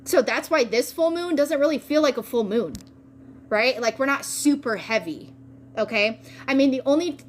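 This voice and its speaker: Excitable, swearing woman tarot reader. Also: sits high, normal speed, slight background noise. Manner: excitable, swears freely, slangy. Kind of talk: casual spiritual reading.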